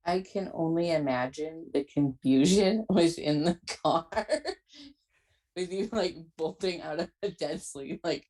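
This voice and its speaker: A woman's voice: lowish voice, animated, slow, warm tone. A woman hosting a podcast, asking questions in a chatty, reassuring way. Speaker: podcast host. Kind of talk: casual interview chat.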